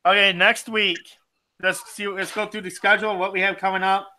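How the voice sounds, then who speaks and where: A man's voice: sits high, flat delivery, brisk, pushed and bright, no echo, low-quality recording. A man hosting a casual outdoors live stream, rambling and laughing often as he talks over the video call.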